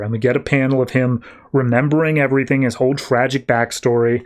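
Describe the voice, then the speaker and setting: A man's voice: mid-range voice, moderate pace. Casual rambling man recapping comics. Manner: rambling, filler-heavy. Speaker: podcast host.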